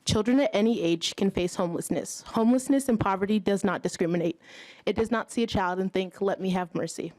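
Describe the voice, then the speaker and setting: A woman's voice: medium pitch, a little fast, darkish tone, rough recording. Young woman, from Haiti, nervous testifier reading a prepared statement at a hearing, slips and small nervous laughs. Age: young adult. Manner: nervous, laughs between phrases. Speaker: youth advocate testifying. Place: legislative committee hearing room.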